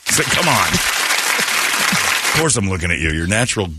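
Brash, lively-voiced male radio host. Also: lowish voice, normal speed, a loud crowd, very noisy. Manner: loud, mocking, acts out shouted quotes. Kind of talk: casual morning show banter. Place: radio studio.

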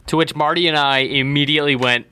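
Male co-host, bright tone, dead-dry sound, short plain remarks. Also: a little high, fairly even intonation, fast, clear, resonant tone, no echo. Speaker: podcast co-host. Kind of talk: casual panel chat.

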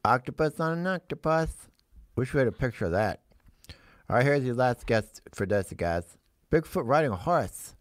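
A man's voice: medium pitch, moderate pace, no echo, clean studio sound. Playful man hosting a goofy live stream. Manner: energetic, playful, jokey. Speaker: host.

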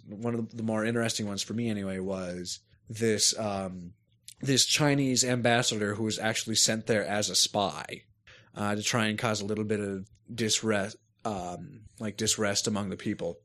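A man's voice: on the low side, steady tone, normal speed, fairly bright tone. A man in casual chat, describing a game at length and searching for words. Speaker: podcast co-host reviewing a game.

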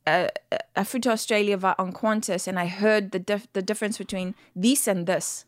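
A woman's voice: mid-range voice, level tone, fairly quick, no echo, clean studio sound. A woman in her forties from South Africa, with an American accent that slips toward South African, chatting as a podcast guest and laughing often. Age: 40s. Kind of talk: casual chat.

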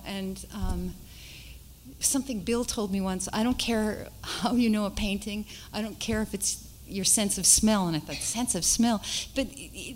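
A woman painter on a panel, telling a personal story in an animated, halting way full of restarts. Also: mid-range voice, a little hiss or hum, poor audio. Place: panel discussion at an art school.

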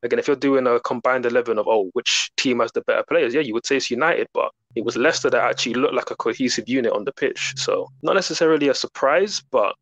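A man, a podcast guest giving fluent, relaxed football analysis. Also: medium pitch, quick pace, hardly any pauses, no room sound, low-quality recording.

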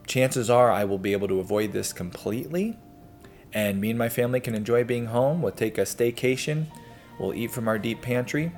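A man hosting a homesteading video channel, talking casually and chattily to his viewers with a relaxed, self-deprecating manner. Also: on the low side. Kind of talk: casual talk to camera.

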